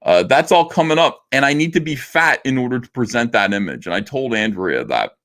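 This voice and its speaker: A man's voice: mid-range voice, lively intonation, brisk, fairly bright tone. A middle-aged man hosting a casual livestream, reading viewer messages aloud and answering them in a loose, joking way with many fillers. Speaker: livestream host reading super chats.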